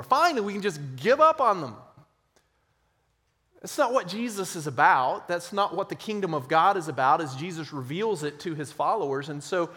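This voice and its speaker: A man preaching a sermon, emphatic, swinging between loud stressed phrases and quiet, low passages. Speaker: pastor. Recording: long hall reverb.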